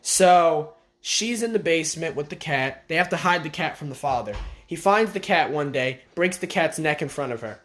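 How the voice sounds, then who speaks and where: A man's voice: fairly high pitch, lively intonation, normal speed, hardly any pauses, fairly bright tone, faint music behind. Sarcastic, ranting male commentator. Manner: sarcastic, exasperated, profane. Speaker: video commentator. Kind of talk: ranting TV show recap.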